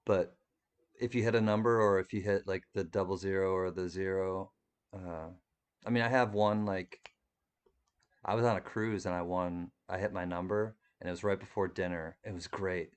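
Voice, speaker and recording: Chatty low-voiced man hosting a livestream. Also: steady tone, moderate pace, clear, resonant tone. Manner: rambling, chatty, laughs often, many restarts. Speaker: livestream host reading chat. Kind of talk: casual live-stream chat.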